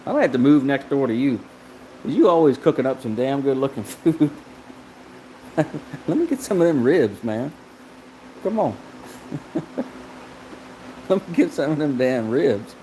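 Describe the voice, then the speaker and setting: Guy laughing thru a casual live chat in his shop, slow drawl, bit of insect buzz in back. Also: mid-range voice, animated, mellow, a little hiss or hum, poor audio. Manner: laughs constantly between lines. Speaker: livestream host. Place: car shop.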